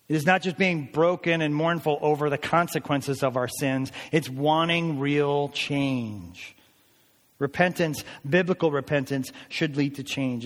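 A man's voice: fairly high pitch, big-room sound. A man preaching a sermon as a pastor, earnest and emphatic, his voice rising on pleading passages.

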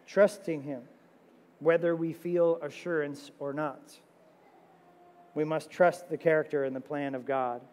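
A man preaching a sermon as pastor, animated, firing off rhetorical questions with sudden loud high exclamations. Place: church sanctuary. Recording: long reverb of a church sanctuary.

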